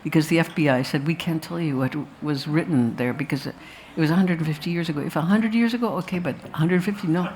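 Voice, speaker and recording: Talking fast with few pauses, a woman with a low, darkish voice discusses her film before a festival audience after its screening; a little hiss or hum is audible. She rambles through anecdotes, restarting and going off on asides.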